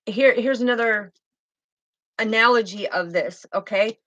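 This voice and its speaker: A woman's voice: fairly high pitch, a little slow, a bit bright, dry recording, muffled recording. A woman speaking as a spiritual healer, fervent and insistent, who repeats her key phrases and speaks bluntly. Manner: blunt, swears now and then. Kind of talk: emphatic spiritual monologue.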